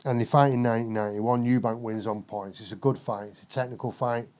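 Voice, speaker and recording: British male guest, casual storyteller, foul-mouthed and animated, mellow tone. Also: medium pitch, fast. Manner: profane, animated, lots of swearing. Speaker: podcast guest.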